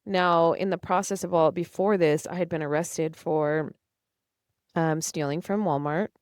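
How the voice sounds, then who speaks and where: A young woman with a low voice tells her own story as a podcast guest. She is earnest and emotional and acts out past conversations. The sound is close and dry, with no room around it. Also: fairly even intonation, measured pace, a little mellow, dry recording. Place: studio.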